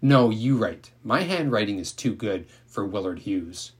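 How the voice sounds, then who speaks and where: A man's voice: on the low side, expressive, measured pace, husky. A man reading aloud and voicing a shy, eager young schoolboy who speaks plainly and doubtfully.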